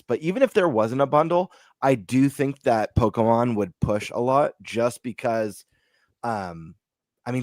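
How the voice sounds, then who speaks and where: A man's voice: fairly low pitch, no echo, studio quality. A man on a casual gaming podcast giving his prediction, hesitant at first with fillers.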